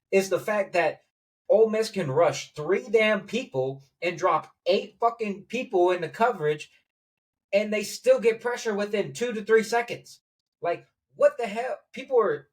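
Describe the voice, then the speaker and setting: A high-voiced man launches into a furious sports rant, swearing freely and pushing his voice up into loud outbursts. He sounds set back from the mic, with some open room around him. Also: recorded from a distance, poor audio. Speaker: sports commentator.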